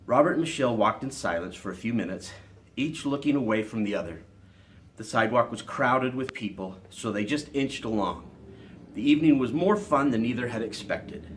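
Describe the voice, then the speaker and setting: Low-voiced man reading his novel. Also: a little hiss or hum. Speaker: author.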